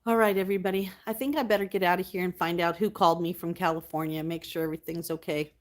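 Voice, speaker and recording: A woman hosting her livestream, chatting casually with viewers, reading their comments aloud and thanking them warmly. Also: fairly low pitch, steady tone, fast talker. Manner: affectionate, thanks viewers often. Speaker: livestream host.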